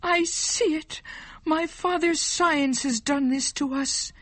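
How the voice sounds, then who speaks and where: A woman voicing a sweet, innocent young woman who pleads in a high voice, in a slow storybook reading. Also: no echo. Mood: pleading. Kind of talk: storybook narration.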